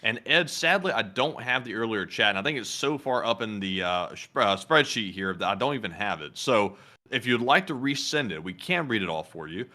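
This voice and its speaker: Man, livestream co-host, sharp bright tone, brisk reading of donations. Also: fairly low pitch, animated. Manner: brisk reading of donor names and messages. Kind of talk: casual livestream Q&A.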